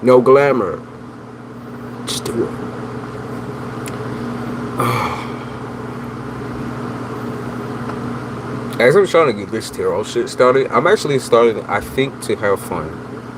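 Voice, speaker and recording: A man of middle pitch reads tarot live for his viewers. He talks in loose slang and teases them. A steady hum of background noise runs under his voice. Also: very slow, pauses often. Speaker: tarot reader, livestream host. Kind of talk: casual livestream chat.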